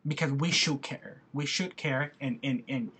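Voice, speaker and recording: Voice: mid-range voice, unhurried, a bit bright, husky. A speaker giving a passionate personal video rant who talks in emphatic repetitions and frequent restarts. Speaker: video blogger.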